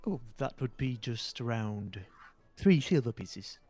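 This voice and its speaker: A man voicing a warm, kindly older woman barkeep who calls everyone dear and darling. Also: mid-range voice, sing-song, takes it slowly, no echo, faint music behind. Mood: sweet. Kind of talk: tabletop role-play voice acting.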